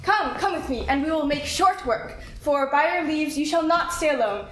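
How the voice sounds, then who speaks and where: A woman acting a measured, advising friar in a live stage play. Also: sits high, lively intonation. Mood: solemn. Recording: echoey hall, faint noise.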